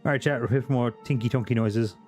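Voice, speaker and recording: A man's voice: mid-range voice, quick pace, a little mellow, faint music behind. A man from Britain, streaming a video game with casual, jokey and profane commentary to his chat.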